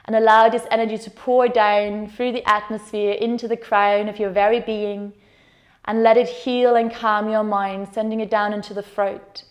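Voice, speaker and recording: A woman yoga teacher guides a meditation with slow, soothing, gentle instructions, speaking in a mid-range voice.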